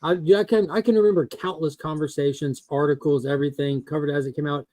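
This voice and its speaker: A man hosting a casual comic club chat on a video call, opinionated and quick to swear. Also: fairly high pitch, fairly even intonation, darkish tone, no echo, low-quality recording.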